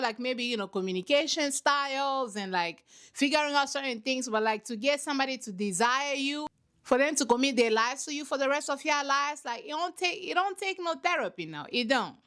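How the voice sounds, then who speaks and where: Young female host, high bright voice, blunt and sassy reactions. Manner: sassy, blunt, laughing asides. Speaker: host, reality show commentator. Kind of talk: casual reaction commentary.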